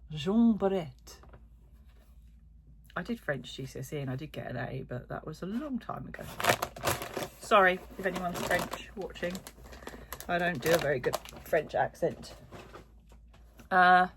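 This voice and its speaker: A woman's voice: on the low side, animated, normal speed, pauses often, fairly bright tone, slight background noise. A woman chatting casually as she unboxes yarn on her crochet vlog, rambling with lots of little asides. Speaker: crochet vlogger. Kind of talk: casual chat while unboxing.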